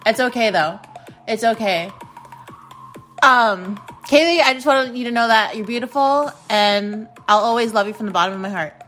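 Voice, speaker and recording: Soft music sits in the background as this podcast host, an American woman in her late twenties, speaks at a moderate pace in a slightly high, slightly bright voice. In casual solo storytelling, she talks frankly about her freshman year and swears freely.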